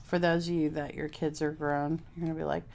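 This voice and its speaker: A woman's voice: low-pitched, level tone, brisk, vocal fry, a little mellow. A woman from Texas, chatting casually with live viewers while she works on a craft project and thinks aloud. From Houston, Texas. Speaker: craft vlogger.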